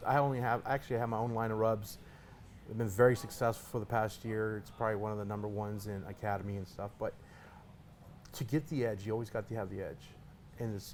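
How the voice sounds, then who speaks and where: A man who is a competition pitmaster talks in a rapid, punchy rush. He repeats words when he gets excited and drives every point home. Faint noise sits under his voice. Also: on the low side. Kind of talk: casual interview talk.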